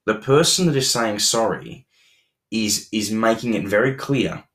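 A man's voice: lowish voice, expressive, a little slow, fairly bright tone. A young adult man co-hosting a relationship podcast, talking earnestly with many restarts and repeated words. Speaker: podcast co-host. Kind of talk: relationship advice chat.

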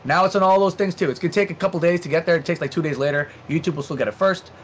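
Chatty male podcast co-host, slightly high voice. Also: slight background noise. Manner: chatty, quick asides, laughs a lot. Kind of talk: casual gaming podcast chat.

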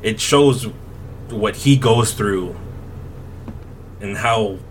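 A man hosting a podcast, telling a story in a rambling, halting way with frequent laughs. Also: fairly low pitch, slight background noise. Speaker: podcast host. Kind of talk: casual chat.

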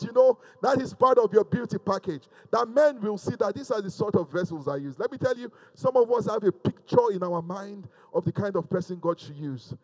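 A man preaching a sermon to a camera, swinging from loud fervent exhortation to quiet, intimate asides. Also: sits high. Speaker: pastor. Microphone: speaking to a camera.

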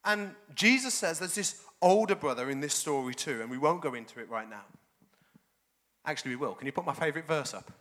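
A man preaching a sermon as pastor, animated and jokey. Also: a little high, brisk. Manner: animated, jokey, laughs often.

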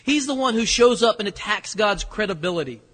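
Male preacher, sermon delivery, husky, echoing church hall. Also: high voice, fairly quick. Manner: animated, rhetorical questions, voices quoted lines. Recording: long hall reverb.

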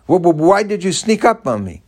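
A man voicing a gruff, flustered male sheriff who stammers, acting out a quote in a spoken story. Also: high-pitched, very animated, a little fast, darkish tone, pitched above the performer's own voice, full character voice.

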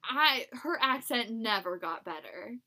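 A young woman chats casually as a podcast co-host, and her voice sits a little high and sounds bright and crisp. She swings her pitch widely, giggling and tossing off quick asides. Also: expressive. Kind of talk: casual chat.

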